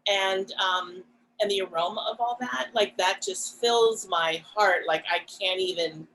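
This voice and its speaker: A woman co-hosting a podcast, talking in a reflective, casual way, soft-spoken and pausing often with fillers. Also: mid-range voice, a little hiss or hum, poor audio. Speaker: podcast co-host.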